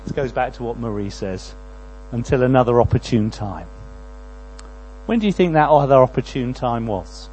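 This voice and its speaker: A man preaching a sermon, moving between quiet prayerful lines and loud, pleading passages. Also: medium pitch, lively intonation, normal speed, a little hiss or hum, low-quality recording.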